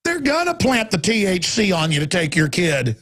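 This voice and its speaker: A man hosting a talk radio show, delivering an impassioned, ranting monologue that swings from loud outbursts to low asides. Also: wildly swooping pitch, moderate pace.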